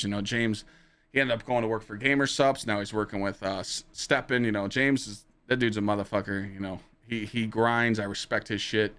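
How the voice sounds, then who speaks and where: A man hosting his own podcast, telling stories casually to a live chat in an animated, profane way, his pitch jumping high when he relives exciting moments. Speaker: podcast host and streamer.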